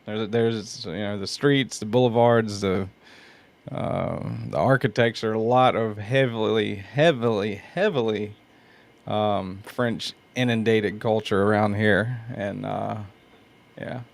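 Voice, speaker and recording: A man with a Southern US accent hosting a casual livestream, talking slowly, stopping and restarting often, laughing and reading chat aloud. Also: fairly low pitch, creaky. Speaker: host sharpening knives on a livestream.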